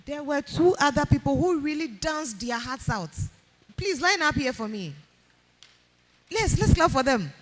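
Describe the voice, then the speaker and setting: Lively Ghanaian woman hyping a crowd. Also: high-pitched, measured pace. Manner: energetic, coaxing, repetitive calls to come up. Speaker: event host. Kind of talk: hyping up a live audience. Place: live event hall with music playing. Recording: faint background music.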